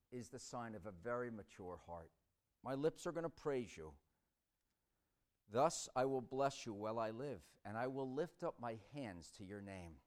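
A man preaching a sermon, swinging between hushed reflection and loud, dramatic storytelling. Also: fairly low pitch.

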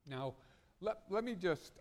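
A man's voice: lively intonation, unhurried. Earnest male pastor preaching. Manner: earnest preaching, wide swings in loudness and pitch. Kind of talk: sermon.

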